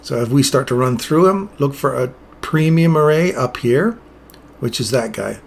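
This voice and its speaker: A man's voice: mid-range voice, lively intonation, normal speed, vocal fry. A man explaining chart setups in casual live trading commentary, chatting with viewers as he goes. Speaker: trading streamer.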